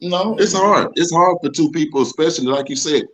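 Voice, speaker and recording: A man's voice: fairly high pitch, fairly quick, fairly bright tone, low-quality recording. A man in a casual group chat, talking emphatically, teasing and repeating himself. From Texas.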